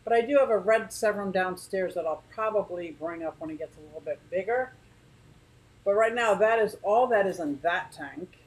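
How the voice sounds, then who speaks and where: A woman's voice: medium pitch, normal speed, poor audio. A woman hosting a casual livestream from her living room, rambling chattily and greeting viewers by name. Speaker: aquarium channel host.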